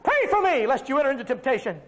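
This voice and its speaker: A man's voice: very high voice, big pitch swings, quick pace, a bit bright, pitched above the performer's own voice, exaggerated voice. A man voicing Jesus as a grieving, burdened man who pleads in solemn, old-fashioned words. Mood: pleading.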